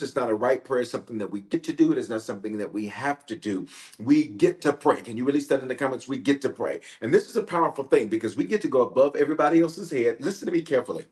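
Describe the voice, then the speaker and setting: Energetic bishop leading online prayer. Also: male voice, mid-range voice. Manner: energetic, repetitive, calls out to viewers. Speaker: bishop, pastor. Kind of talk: livestreamed prayer service, casual greeting.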